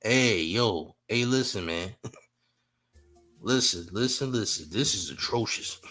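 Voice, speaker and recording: A man's voice: on the low side, expressive, slow pace, bright, forceful tone, faint music behind. A man hosting a commentary show, reacting in disbelief, repeating himself and laughing between remarks. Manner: incredulous, repeats phrases, laughs often.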